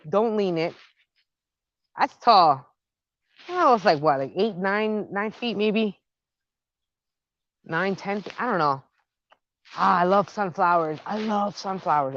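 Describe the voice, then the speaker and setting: An excitable woman walks through her backyard garden filming on her phone and chatting the whole way. Her slightly low voice swoops up and down as she gushes over her plants. The audio is dry and a little muffled. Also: dry recording. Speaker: gardening vlogger. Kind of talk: casual walk-and-talk vlog.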